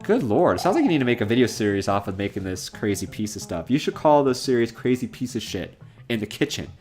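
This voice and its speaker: A man's voice: medium pitch, sing-song, fast talker, darkish tone, soft background music. A young man streaming a game from home, chatting casually, rambling and laughing as he reads chat comments aloud.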